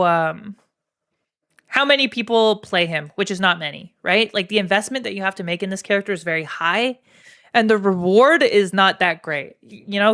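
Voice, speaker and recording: A woman with a Canadian accent and a mid-range, fairly bright voice streams live while ranking game characters. Her commentary is frank and casual, loaded with fillers, swearing, and asides to chat.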